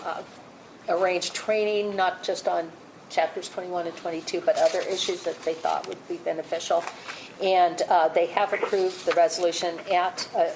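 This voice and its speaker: A woman on a public board's staff reading through a case report at a meeting, steady and procedural, saying she is losing her voice. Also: on the low side, gravelly, background noise. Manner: steady, procedural, with fillers and restarts. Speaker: board staff presenting cases.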